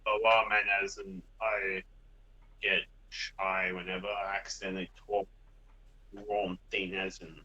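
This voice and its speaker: A man's voice: sits low, little pitch movement, measured pace, bright, forceful tone, dull audio. A young man co-hosting a podcast, giving short laid-back replies and swearing casually. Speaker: podcast co-host. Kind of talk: casual banter.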